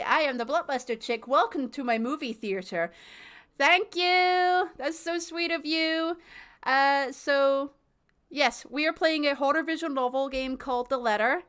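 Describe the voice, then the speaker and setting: A woman's voice: sits high, fairly bright tone. A Scottish woman streaming a game, chatty and giggly, mocking her own stumbles while reading aloud. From Scotland.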